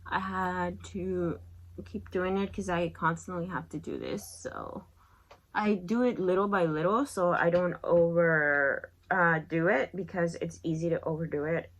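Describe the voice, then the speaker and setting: A young woman vlogger telling a lively story while doing her makeup. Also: measured pace, rough recording. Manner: lively storyteller, acts out quotes in a high voice. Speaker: beauty vlogger.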